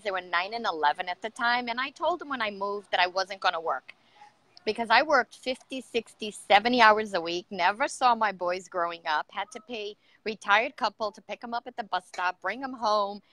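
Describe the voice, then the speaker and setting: Middle-aged woman guest, earnest and emotional, bright tense tone, dry mic. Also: medium pitch, no echo. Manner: earnest and emotional, many fillers. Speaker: guest entrepreneur. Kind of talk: personal story in an interview.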